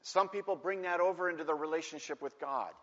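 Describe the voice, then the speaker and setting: A man preaching a sermon through a personal story, animated and acting out the voices of the people in it, in a large church hall. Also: a little high, fast talker. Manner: animated, acts out voices in stories. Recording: dull echoey hall recording.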